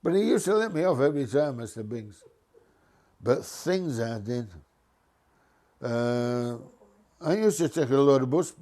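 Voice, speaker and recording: An older man spins a reminiscing anecdote at an easy middle pitch. He chuckles now and then and slips into voices for the people he quotes. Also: lively intonation, unhurried, pauses often, dark tone. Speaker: retired bus driver.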